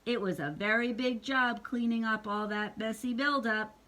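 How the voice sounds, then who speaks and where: A woman's voice: fairly high pitch, moderate pace, bright, forceful tone. A woman reading a picture book aloud to a child, playful and stopping to ask the listener questions. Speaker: storyteller.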